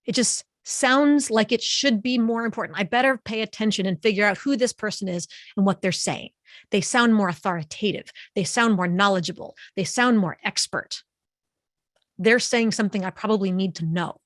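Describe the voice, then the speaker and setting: A woman presents a webinar to her audience in a lively, conversational manner. Her voice sits in the middle of the range and comes through a close microphone in a dry, unreverberant space. She talks like a friendly teacher who acts things out. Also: medium pitch, fairly quick, dry recording. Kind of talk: online presentation. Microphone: studio microphone up close.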